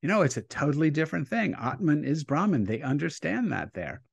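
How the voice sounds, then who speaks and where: A man, a rabbi, telling a story in a relaxed interview, animated and acting out the quotes he tells. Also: a little high, a little fast, gravelly, husky, dry recording.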